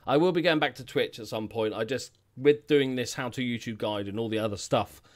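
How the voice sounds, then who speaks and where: A man's voice: medium pitch, fairly quick. A man hosting a casual live stream from home, jokey and rambling, humming filler sounds while he chats.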